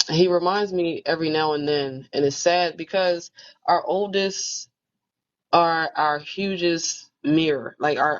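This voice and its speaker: A woman in a casual book club conversation, telling a personal story in a reflective, storytelling manner. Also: low-pitched. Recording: muffled lo-fi audio.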